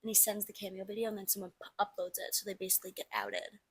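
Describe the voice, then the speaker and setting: A young woman co-hosting a podcast, talking eagerly in quick, casual back-and-forth. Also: medium pitch, flat delivery, husky. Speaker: podcast co-host. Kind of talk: casual chat.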